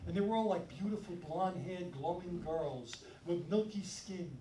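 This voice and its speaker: A man from Brooklyn doing a stand-up set, telling stories in a punchy, animated way. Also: sits high, moderate pace, a little hiss or hum. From Brooklyn, New York. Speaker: stand-up comedian. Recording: roomy live sound from a distance. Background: audience laughter.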